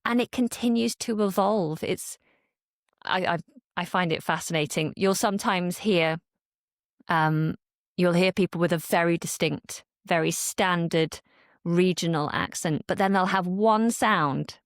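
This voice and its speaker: A woman from Britain talks as a guest on a podcast, her voice on the lower side and recorded dry and close. She explains with animated energy and acts out people's reactions. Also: unhurried, no echo. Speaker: English teacher and guest. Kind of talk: podcast conversation. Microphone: studio podcast mic.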